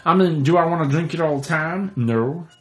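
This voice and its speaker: A man's voice: on the high side, normal speed, a bit bright. A man hosting a comedy podcast, talking in a silly put-on voice he keeps dropping, with frequent swearing. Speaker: podcast host.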